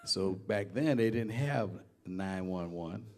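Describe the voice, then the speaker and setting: An older man from Massachusetts, a band singer, telling stories in a casual, animated way and laughing often. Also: sits low, slow, slight background noise. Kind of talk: casual storytelling. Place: basement studio.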